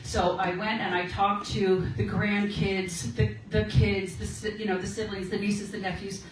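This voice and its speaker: A woman's voice: medium pitch, flat delivery, a little slow, soft background music. A woman in her sixties, a guest speaker at a meeting, telling stories in a chatty way, laughing often and checking in with "okay?". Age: 60s. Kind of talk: casual encouraging talk. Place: meeting room. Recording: very echoey room, recorded from far off.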